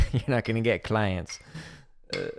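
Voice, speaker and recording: Gravelly-voiced man chatting, laughing often. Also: fairly low pitch, wildly swooping pitch, slow pace, heavy background noise. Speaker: drumming livestream host. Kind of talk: casual chat while practicing. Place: home practice room with drums.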